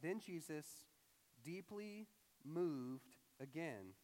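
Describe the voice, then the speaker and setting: A young male pastor preaches in an easy, conversational way, acting out voices as he explains the passage. His voice sits a little high for a man. The sound rings with the long reverb of a large hall. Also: drawn-out words. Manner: animated, conversational, acts out quoted voices. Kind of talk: sermon.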